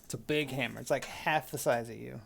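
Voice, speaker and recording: A man narrating as game master of a tabletop game in a relaxed way, with fillers. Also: medium pitch, a little fast, creaky.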